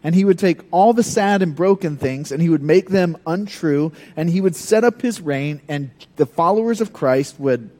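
A man preaching a sermon in a conversational, animated way, breaking into dramatic scripture readings. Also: fairly high pitch, normal speed, few pauses. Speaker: pastor.

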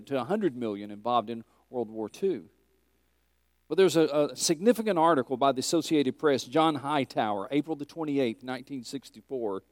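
Man, Bible teacher, mid-pitched, emphatic and questioning, close dry sound. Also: a little mellow, no room sound. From Tennessee. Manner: earnest, emphatic, questions the class.

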